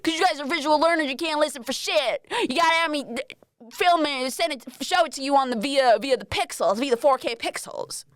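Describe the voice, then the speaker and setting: A woman's voice: high voice, fairly quick, dry recording, studio quality. A young Australian woman hosting a podcast, rambling and self-mocking, swearing freely as she chats alone. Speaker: podcast host. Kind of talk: casual solo podcast chat.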